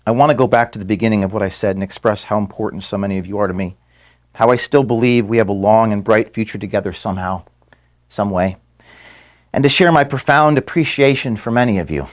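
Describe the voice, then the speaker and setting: Speaking from an office, a man near tears gives his staff a halting goodbye, repeating words and apologizing for his emotion. His voice is fairly low.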